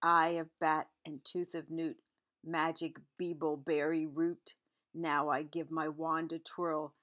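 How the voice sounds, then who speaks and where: A weary old wizard chants his rhyming spells in a low, unhurried voice, as a woman reads him aloud. The chant is sing-song and steady, the low tone never rushed.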